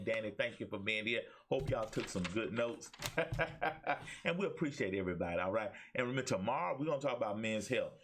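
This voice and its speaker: Animated low-voiced Alabama preacher-host. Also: male voice, a little hiss or hum. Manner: preacherly call-and-response, addresses viewers as "y'all". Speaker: talk show host and pastor. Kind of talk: motivational preaching on a live talk show. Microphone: webcam.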